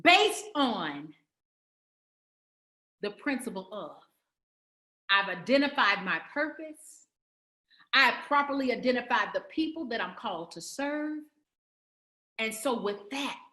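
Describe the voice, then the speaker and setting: Woman, motivational summit speaker, bright sharp tone, sermon-like emphatic delivery. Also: on the high side, sing-song, slow, pauses often, roomy sound. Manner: preacherly, repetitive emphatic build-ups. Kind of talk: motivational speech.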